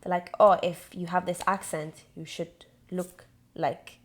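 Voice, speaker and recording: A woman's voice: on the low side, level tone, a little slow. A woman in her twenties with a British-sounding accent, co-hosting a podcast in casual chat, rambling with many fillers and restarts. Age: 20s. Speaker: podcast co-host.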